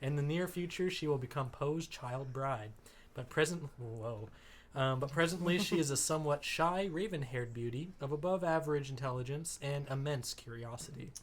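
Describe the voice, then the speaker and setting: A man's voice: a little high, moderate pace. A man reading screenplay stage directions aloud and coaching a fellow reader at a table read. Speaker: script reader and narrator.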